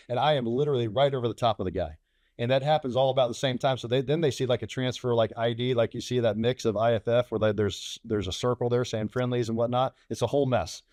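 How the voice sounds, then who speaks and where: A middle-aged man tells a combat story from the cockpit at a quick clip, acting out the radio chatter as he goes. His voice sits at an ordinary pitch but shoots up when he plays the frantic calls. It is recorded close and dry. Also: darkish tone, no room sound. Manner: acts out radio calls and dialogue, rising sharply in pitch. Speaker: fighter pilot guest. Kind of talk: animated war storytelling.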